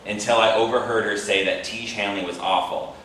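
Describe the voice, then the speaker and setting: Deep-ish deadpan man, off-mic. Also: fairly quick, distant mic, slight background noise. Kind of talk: reading comments aloud. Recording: echoey room, off-mic.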